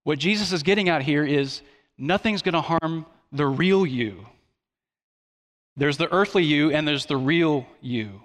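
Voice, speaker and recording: A man's voice: a little high, animated, unhurried. A middle-aged male pastor preaching a sermon in a conversational, earnest way, with light humor and frequent restarts. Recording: long reverb of a large hall.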